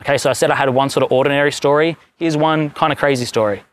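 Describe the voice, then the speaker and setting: Male preacher, casual stop-start sermon storyteller, middle-pitched voice. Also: steady tone, fast talker. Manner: rambling, self-correcting storyteller with many restarts. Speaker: pastor.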